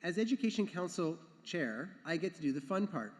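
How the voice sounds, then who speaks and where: This man's voice runs high, and he talks briskly with a lot of animation. He is addressing a graduation ceremony as education council chair, earnest and occasionally repeating himself, with the big hall's lingering reverb audible throughout.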